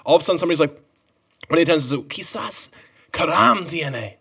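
A man's voice: fairly high pitch, slightly rough. A young man co-hosting a podcast, telling a story in a casual chat and acting out the people in it. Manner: fast animated storytelling, acting out the people in his stories. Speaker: podcast co-host.

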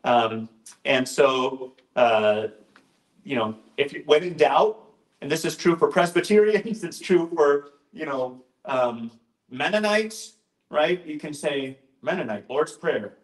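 A man's voice: a little high, slow pace. A male pastor giving an informal, conversational talk, often interrupting himself with asides and jokes. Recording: roomy echoing room.

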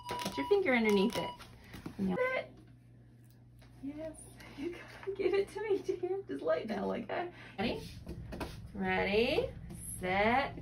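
A woman's voice: very high voice, noisy background. A woman talking in sing-song, encouraging baby talk to a young child at home, in a home video. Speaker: caregiver mother.

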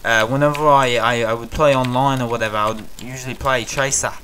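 A man's voice: mid-range voice, fairly even intonation, a little fast, sharp tone, a little hiss or hum. A young man hosting a casual gameplay commentary in a put-on British accent, rambling and swearing with frequent stammered restarts. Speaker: gaming channel host.

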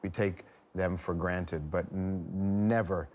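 A man's voice: deep voice, steady tone, slow, darkish tone. A man hosting a talk show, asking playful, joking questions in a casual interview.

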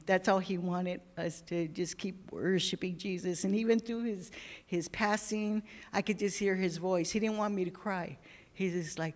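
A woman speaks at a church service, telling her story with deep feeling. Her voice sits at an ordinary pitch and wavers close to tears at times. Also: steady tone, moderate pace. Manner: emotional, tearful at times, warm storytelling. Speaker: church member giving a tribute. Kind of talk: heartfelt spoken tribute.

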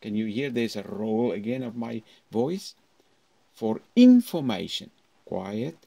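Slow, gravelly male lecturer. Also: fairly low pitch, big pitch swings, dark tone. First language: Afrikaans. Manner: slow, halting teaching talk with fillers and demonstrated phrasing. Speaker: university lecturer. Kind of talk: recorded English lesson for students.

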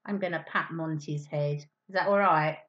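A woman teaching young children a maths lesson with a puppet, in a sing-song, encouraging manner with hushed asides, on a dull lo-fi recording. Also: low-pitched, normal speed.

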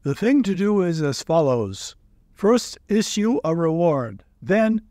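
Man putting on a pompous wordy old owl, fussy storybook voice, a bit high, dry close mic. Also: big pitch swings, slow pace, mellow, no room sound. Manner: pompous, long-winded.

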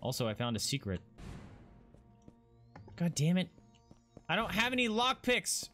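A man doing casual let's-play commentary, swearing and excitable as he talks to himself and his viewers. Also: sits high, a little slow, soft background music. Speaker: gaming streamer.

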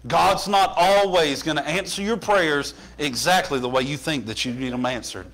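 A pastor preaching a sermon, building from plain storytelling to impassioned shouting in a church. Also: male voice, on the high side, normal speed.

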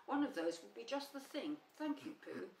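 A woman's voice: fairly high pitch, lively intonation, normal speed, a little mellow, pitched above the performer's own voice. A gloomy old donkey with a cold, dry, sardonic way of talking, as a woman reads him. He sounds dignified and put-upon. The storybook reading has a roomy, slightly distant sound with a faint hum.

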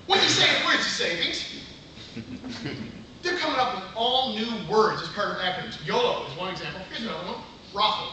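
A middle-aged man giving a humorous contest speech with punchy comic timing and quick asides, to an audience in a large meeting room. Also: extremely high pitch, sing-song, bright, forceful tone. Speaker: contest speaker. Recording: echoey room from far off. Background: audience laughter and room noise.

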